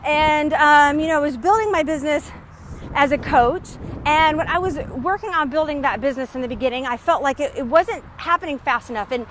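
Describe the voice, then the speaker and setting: A woman's voice: high voice, brisk, a bit bright, a little hiss or hum. A woman business coach chatting on a live stream while walking home outdoors, upbeat and a little out of breath, often greeting her viewers. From Texas. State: slightly out of breath.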